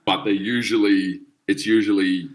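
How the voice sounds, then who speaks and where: A man's voice: on the low side, fairly even intonation, moderate pace. A middle-aged man, a guest musician telling stories in blunt casual talk and swearing freely. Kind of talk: casual storytelling.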